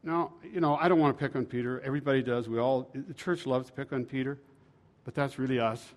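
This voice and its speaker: This man delivers a sermon at a fast clip, his medium-pitched voice holding a steady tone. He retells scripture folksily and conversationally, swinging sharply from loud to quiet.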